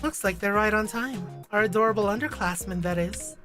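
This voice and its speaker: A woman streaming a video game, chatting casually and reading the game text aloud in an animated, gushing way, swearing now and then. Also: mid-range voice, moderate pace, few pauses, soft background music.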